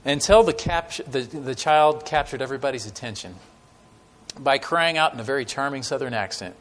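A man preaching a sermon with stories to a church congregation, talking in a conversational way with many fillers and dramatic pauses. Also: mid-range voice, a bit bright. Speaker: guest preacher.

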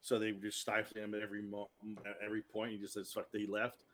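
A man co-hosting a podcast in casual chat, opinionated and quick to react. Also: on the low side, completely flat delivery, a bit bright. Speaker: podcast co-host.

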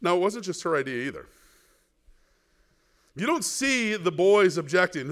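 Preaching with a high voice at a measured pace, this male pastor pauses often. He's animated, posing rhetorical questions to the congregation and playing the parts of biblical figures from the story.

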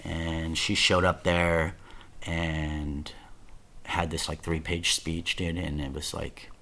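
Deep-voiced man telling a raw story. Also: level tone, takes it slowly, pushed and bright. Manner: profane, rambling, repeats words and says "dude" often. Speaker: guest telling his life story. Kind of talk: casual confessional storytelling.

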